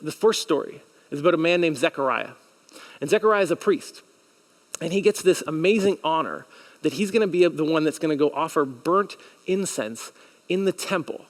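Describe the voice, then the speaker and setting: Male pastor, high voice, easygoing earnest sermon delivery with lively audience call-outs. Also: moderate pace. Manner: conversational and earnest, acts out inner questions; animated, with audience call-and-response. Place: church sanctuary.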